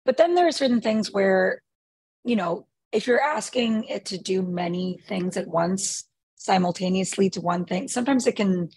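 A woman answering questions in a webinar as the guest expert, halting with many fillers and restarts. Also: medium pitch, darkish tone, breathy edge, dry recording. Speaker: guest expert on prompt writing.

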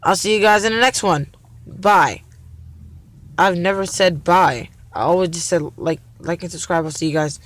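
A man's voice: high-pitched, normal speed, a bit bright. A man hosting a gaming video, chatting casually and reacting aloud as he plays. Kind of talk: casual gameplay commentary. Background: game music.

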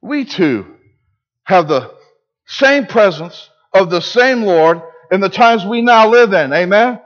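Man, pastor, emphatic sermon, rhetorical questions, high-pitched, muffled recording. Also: animated, slow. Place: church.

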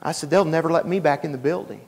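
A man telling his story in a folksy, animated sermon, acting out the dialogue. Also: on the high side, fast talker, vocal fry, husky. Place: church hall. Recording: live church stream with long hall reverb.

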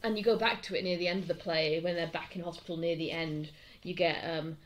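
Low-voiced woman podcast co-host. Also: fairly even intonation, brisk. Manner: thoughtful, reflective, reads quotes aloud. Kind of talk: casual chat about a play.

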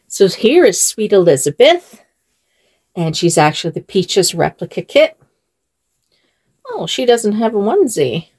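A woman vlogs casually as she dresses dolls. She speaks at an unhurried pace, with a lively, swooping pitch. She sounds chatty and breaks into giggles often. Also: husky. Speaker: doll channel vlogger.

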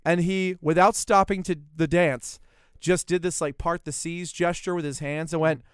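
A man's voice: on the high side, moderate pace, clear, resonant tone, no room sound, clean studio sound. A man hosting a podcast, telling rambling stories in casual chat and acting out the quotes. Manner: rambling, animated storyteller who acts out quotes. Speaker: podcast host.

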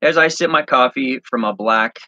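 A man reading his handwritten story aloud, halting and correcting himself as he goes. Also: medium pitch, sharp tone, no room sound, highs cut off. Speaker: online reseller and host.

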